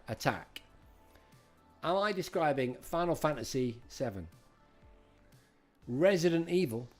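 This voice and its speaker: A middle-aged man hosts a live-streamed quiz from a desk mic at his computer. His voice sits a little high and swings a lot in pitch as he greets viewers and reads out questions. Faint music plays behind him. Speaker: host.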